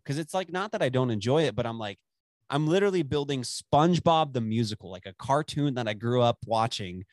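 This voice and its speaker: A man's voice: mid-range voice, animated, quick pace, no echo, studio quality. A man in his twenties from West Texas, rambling and swearing freely in casual chat, laughing often. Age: 20s.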